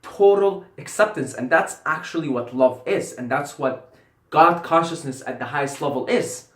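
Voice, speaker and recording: A man's voice: fairly high pitch, normal speed, a bit bright. A man giving a casual philosophical monologue to camera as a vlogger, rambling and repeating phrases for emphasis with casual swearing. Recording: roomy echo.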